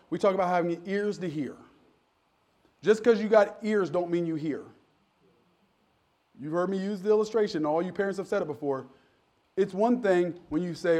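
A man's voice: sits high, darkish tone. A middle-aged man preaching a sermon as pastor, folksy and joking, building to emphatic preaching. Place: church.

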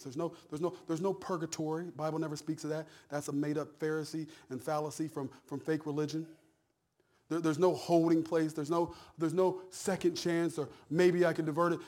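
A middle-aged pastor with a slightly high voice preaches a sermon in a folksy, conversational style. He repeats phrases and swings between hushed and loud delivery.

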